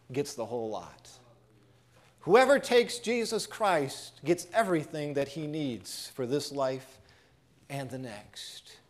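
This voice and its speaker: A man preaching, telling a story in a dramatic way that drops to a hush on key lines. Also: a little high. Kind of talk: sermon storytelling.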